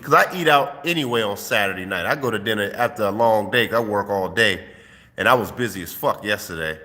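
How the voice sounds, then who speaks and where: Man, casual vlog monologue, streetwise and profane, sharp bright voice, lingering reverb. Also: lowish voice, brisk. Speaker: host giving dating advice. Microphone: phone held while filming.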